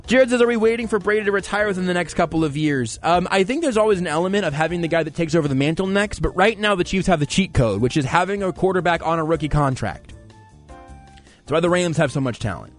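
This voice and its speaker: Man, sports talk host, loose and conversational, slightly high voice. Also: lively intonation, fast talker, faint music behind. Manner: rambling, conversational, reads listener comments aloud. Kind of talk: casual sports talk show.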